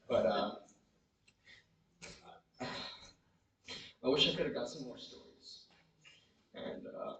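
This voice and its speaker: A tearful young man speaks unscripted at a memorial, emotional and apologetic, halting as he talks. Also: medium pitch, a bit bright. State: tearful, crying. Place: large hall at a memorial gathering. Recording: echoey hall, far from the mic.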